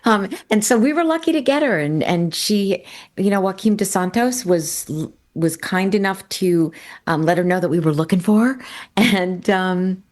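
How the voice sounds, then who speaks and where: An older woman co-hosting a podcast over a video call, chatty and quick to laugh, with filler ums. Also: mid-range voice, a little mellow. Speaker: podcast co-host, voice actor. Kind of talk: casual podcast chat.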